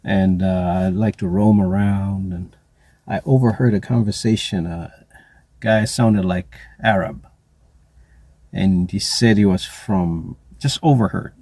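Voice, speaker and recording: A man giving a deliberate spoken commentary that slides into drawn-out mocking asides. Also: low voice, dark tone, slightly rough, dry recording. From South Africa. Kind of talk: spoken social commentary monologue.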